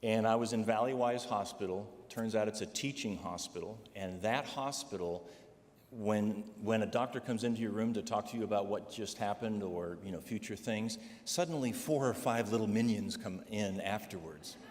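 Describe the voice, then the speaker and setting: A man's voice: fairly low pitch, normal speed, a little mellow. A man preaching a personal testimony, telling stories and checking in with the congregation with "all right?" asides. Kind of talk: sermon testimony. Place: church sanctuary. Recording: long hall reverb, faint noise.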